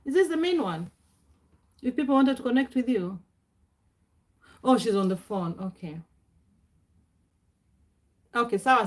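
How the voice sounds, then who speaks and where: Chatty middle-aged woman hosting a live stream. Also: a little high. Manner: chatty, greets viewers by name, frequent laughs and throat clearing. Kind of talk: casual live-stream chat.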